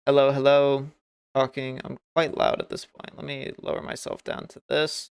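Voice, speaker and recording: A man talks through his game on a livestream, rambling and poking fun at himself as he works things out. His voice has a gravelly, creaky texture, yet it stays smooth and clear on his desk mic. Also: fairly high pitch, little pitch movement, normal speed, fairly bright tone. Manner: thinks aloud, rambling and self-mocking. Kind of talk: casual gameplay commentary. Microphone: desk mic with noise gate.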